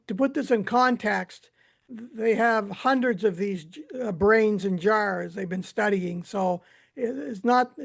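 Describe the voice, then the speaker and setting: A man co-hosting a podcast, explaining background in a measured way with frequent hesitations. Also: sits high, gravelly. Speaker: podcast co-host. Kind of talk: casual explanatory chat.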